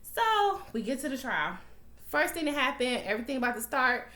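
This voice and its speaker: A young woman rants through a TV episode recap, fired up and addressing viewers as y'all. Her voice sits a little high and comes across bright and forceful. The room around her gives it a noticeable echo. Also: moderate pace. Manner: animated, swearing, talks to viewers as y'all. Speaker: TV recap vlogger. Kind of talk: emotional casual recap. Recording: echoey room.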